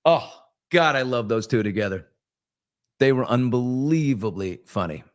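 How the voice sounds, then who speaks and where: A man's voice: mid-range voice, expressive, moderate pace. A man hosting a casual morning chat show, gossiping about celebrities in a chatty, loose way. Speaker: host.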